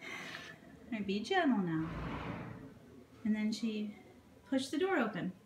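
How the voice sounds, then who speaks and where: A woman's voice: mid-range voice, sing-song, slow pace. A woman filming her horse in her office, chatting to it in a doting, baby-talk manner. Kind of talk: casual vlog talking to a horse. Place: indoor office beside a stable. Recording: echoey room with faint background noise.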